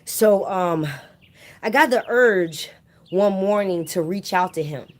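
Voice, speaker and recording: A woman's voice: medium pitch, takes it slowly. A woman vlogger casually telling a personal story straight to her viewers, chatty and often calling them "you guys".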